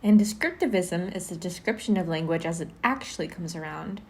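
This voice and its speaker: A woman's voice: lowish voice, animated, fairly quick, darkish tone. A woman playing an interviewer, speaking in a poised and lightly teasing way. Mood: explaining. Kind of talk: amateur audio drama.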